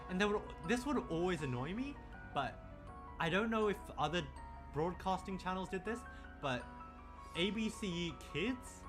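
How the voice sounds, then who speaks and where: A young man with an Australian accent talks loosely through a late-night stream, drifting from one tangent to the next and swearing casually. His voice sits a little higher than most men's, with soft music playing faintly underneath.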